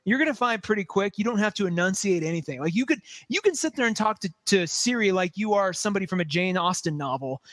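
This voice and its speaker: Man, podcast co-host, high voice, rambling and animated, dry close sound. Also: quick pace, hardly any pauses, no echo. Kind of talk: casual tech chat.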